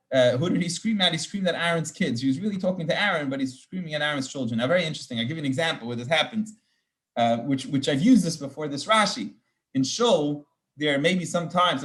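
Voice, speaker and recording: A man's voice: a little high, lively intonation, quick pace, a bit bright. A man, a rabbi, teaching an informal Torah class, explaining verses with Hebrew terms and frequent restarts.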